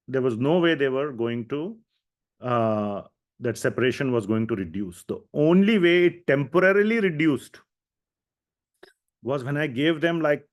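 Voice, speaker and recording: A man teaching a scripture class, who retells the dialogue of the story in a storytelling manner and uses casual fillers as he goes. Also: medium pitch. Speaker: lecturer.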